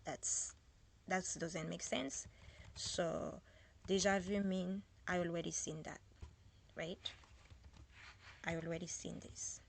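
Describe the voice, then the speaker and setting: A woman with a strong French accent giving a casual French lesson, slowly repeating and spelling out words. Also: on the low side, steady tone, creaky, a little hiss or hum. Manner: slow, repeats and spells out words, code-switching. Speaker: French teacher.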